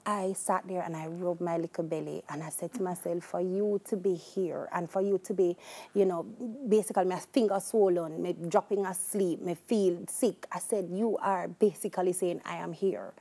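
A Jamaican woman in her thirties, a talk show guest, telling her life story with candid warmth and slipping into patois. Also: lowish voice, normal speed. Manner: shifts into patois when quoting herself, laughs easily.

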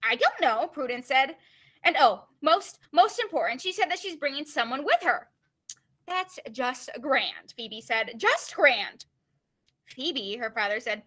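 A woman's voice: sits high, pushed and bright. A woman teacher reading a novel aloud to her students, breaking off for casual asides full of "like" and "you know.". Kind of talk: read-aloud with commentary.

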